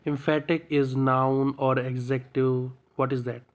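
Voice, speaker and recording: Flat-voiced man asking vocabulary questions. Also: medium pitch, a little hiss or hum. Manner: plain, halting questions. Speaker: English learner. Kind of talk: practice questions.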